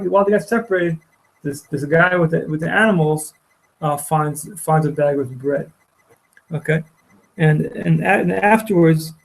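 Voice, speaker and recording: Male teacher, gravelly, somewhat high, halting storyteller. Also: poor audio. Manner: halting, repeats words, many restarts. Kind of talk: retelling a story in a lecture. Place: study hall.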